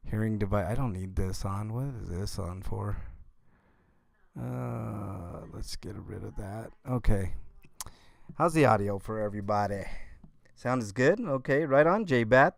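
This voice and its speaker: A man hosting a casual live-stream chat show, talking in a low-key, mumbling way as he reads chat and fixes his audio. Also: vocal fry, no echo, clean studio sound. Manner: low-key, mumbling, talks to himself while fixing audio. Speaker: livestream host.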